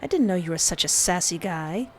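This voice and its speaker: A woman's voice: on the low side, lively intonation, fairly quick, lightly acted. A woman voicing a bold young female teacher who speaks in a teasing but firm way.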